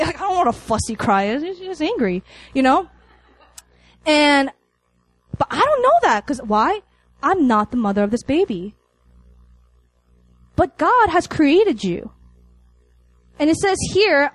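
A woman's voice: high-pitched, sing-song, a little slow, pauses often, low-quality recording. A young adult woman preaching a sermon to college students, telling a story with laughs and acted-out lines.

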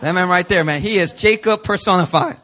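A man's voice: sits high, fairly quick, bright, forceful tone. A young male pastor giving a sermon in a church, telling stories in a casual, joking way.

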